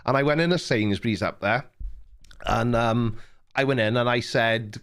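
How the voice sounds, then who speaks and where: A man's voice: mid-range voice, normal speed, fairly bright tone, clean tone. A Welsh man hosting a live stream, chatting casually with a caller and telling stories with frequent laughs. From Wales. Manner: chatty storyteller, laughs often. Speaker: livestream host.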